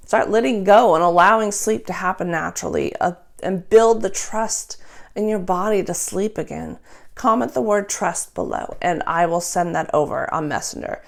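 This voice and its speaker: A young adult woman and nurse, calmly teaching a gentle sleep routine in a soft voice, speaking close to a microphone. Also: lowish voice, creaky. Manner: calm, soft-spoken, drops to a whisper in breathing exercise.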